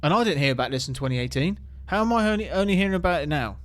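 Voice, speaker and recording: Excitable man reacting to clips. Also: a little high, racing. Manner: animated, rhetorical questions, stumbling restarts when excited. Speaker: host reacting to viral clips.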